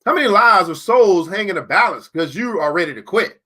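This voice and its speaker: Man, motivational teaching talk, preacher-like cadence, high voice, addresses listeners directly. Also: expressive, bright, forceful tone. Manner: emphatic, preacher-like, repeats key lines slowly. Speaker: teacher and book club host.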